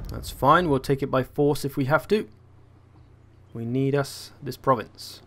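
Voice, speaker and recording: Young male host, casual game commentary, wry asides, middle pitch. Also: normal speed, fairly bright tone, slight background noise. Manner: chatty, wry, thinking aloud. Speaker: gaming channel host.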